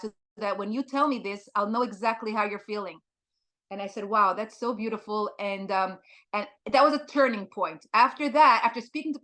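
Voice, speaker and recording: A woman giving a talk as a guest speaker, telling a personal story in an earnest, halting way with many fillers. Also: a little high, a bit bright.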